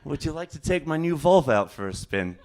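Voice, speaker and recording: A pushy middle-aged aunt, formerly an uncle, as a man puts her on in a stand-up bit. She talks in a coaxing, insistent way, and the voice sits a bit higher than the comic's own. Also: big pitch swings, brisk, darkish tone.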